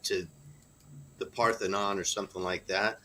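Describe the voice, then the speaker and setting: A man's voice: sits low, level tone, moderate pace, bright, forceful tone, slight background noise. A man in casual chat, asking curious questions.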